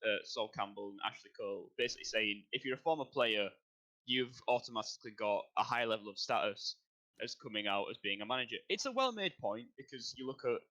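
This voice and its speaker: A man's voice: mid-range voice, expressive, fairly quick, sharp tone. A young man, co-hosting a casual podcast and arguing his point with fillers and rising heat. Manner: builds into heated ranting with hesitant fillers. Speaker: podcast co-host. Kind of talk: casual chat.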